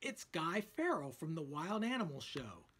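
A man's voice: on the high side, very animated, normal speed, bright, forceful tone, slightly rough, heavily acted. A man voicing a helpful adult townsman in a cartoon mystery, speaking matter-of-factly.

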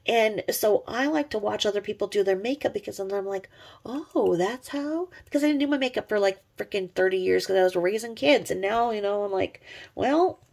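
A middle-aged woman vlogger tears into someone online with sarcastic, profane gossip commentary. Her voice is deeply gravelly with a husky, rough edge. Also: fast talker, hardly any pauses, a little mellow.

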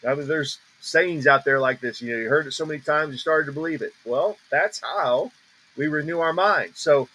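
Brief: male preacher teaching on a group call, slightly high voice, drawn-out emphatic declarations. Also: bright, forceful tone, low-quality recording. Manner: emphatic, repeats declarations slowly with stress. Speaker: ministry teacher.

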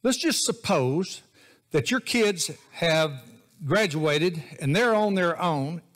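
A man's voice: a little high, animated, takes it slowly, a bit bright. A man preaching a sermon as associate pastor, in a folksy, joking, conversational way.

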